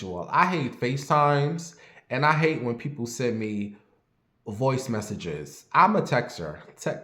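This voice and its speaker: A man in the middle range of pitch talks casually on a livestream, thanking viewers one by one and rambling between shout-outs. His voice rings a little in a bare, echoey room. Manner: animated, rambling, chatty. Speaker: livestream host.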